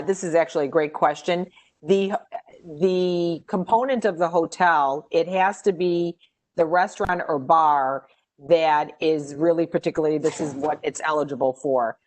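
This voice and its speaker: A woman answering questions about a grant program in a webinar, explaining in a measured way with pauses and fillers. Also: deep voice.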